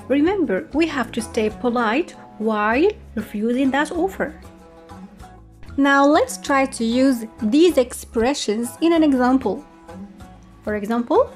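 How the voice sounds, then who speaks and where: A woman English teacher giving an online lesson, explaining slowly and carefully. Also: sits high, animated, faint music behind.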